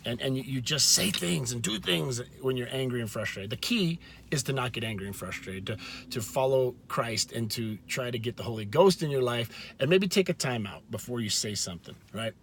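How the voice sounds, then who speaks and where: A man talking earnestly to his viewers in a casual faith talk, with frequent restarts and slow, stressed words. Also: medium pitch, lively intonation, creaky, a bit bright, slight background noise. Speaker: video host.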